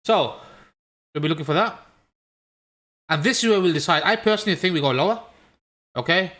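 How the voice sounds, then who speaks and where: A man's voice: a little high, animated, fairly quick, a bit bright. Brummie man talking through trading charts. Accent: Birmingham. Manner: chatty, joking asides, swears at chat. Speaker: crypto trading streamer. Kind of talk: casual live-stream chart analysis. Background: washing machine noise.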